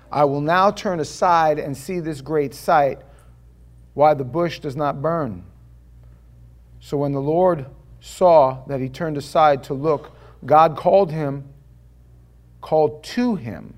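New preacher guy, kinda high voice, tells stories then booms out scripture, drops to a mutter for asides. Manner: animated, swings between loud declaiming and hushed asides. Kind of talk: sermon with personal storytelling. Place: church before a live congregation.

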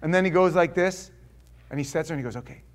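A man in his forties preaching a sermon, animated, swinging from loud exclamations to hushed asides and acting out quotes. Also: on the high side, quick pace. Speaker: pastor.

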